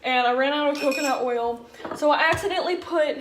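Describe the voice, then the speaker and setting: In her home kitchen, a young woman vlogger cooks while telling stories in a chatty, self-deprecating way. Her voice sits high and moves a little fast, and the recording has an echoey room with faint background noise.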